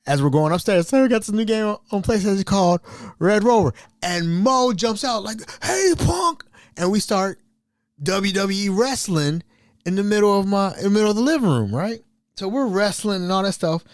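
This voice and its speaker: A man from Ohio recounting stories as a podcast host, animated and chatty. His pitch sits a bit high and swings a lot. The sound is close and dry. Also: brisk, dry recording. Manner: animated, laughing often, chatty. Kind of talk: casual storytelling.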